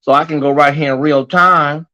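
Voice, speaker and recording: A man's voice: a little high, steady tone, normal speed, sharp tone. A man hosting a live online commentary show, chatting casually with a sassy manner and calling his viewers y'all and honey.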